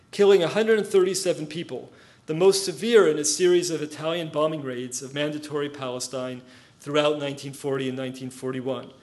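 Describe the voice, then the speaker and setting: Guy lecturing on history, slightly high voice, reads quotes, adds little asides. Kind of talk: academic lecture reading from notes.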